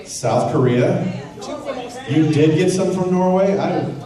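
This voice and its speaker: A man's voice: on the high side, unhurried. A middle-aged man, a voice actor, joking with a convention audience and drifting off on tangents. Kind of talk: casual convention panel talk. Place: large convention hall. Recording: echoey hall, taped from far off, crowd noise. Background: audience laughter and crowd.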